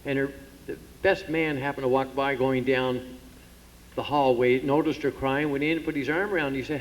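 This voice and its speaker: A man's voice: medium pitch, fairly even intonation, normal speed. A man telling folksy, self-deprecating jokes about old age to a live audience from a theatre stage. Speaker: comedian entertaining at a pageant. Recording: dull, muffled hall recording with long reverb.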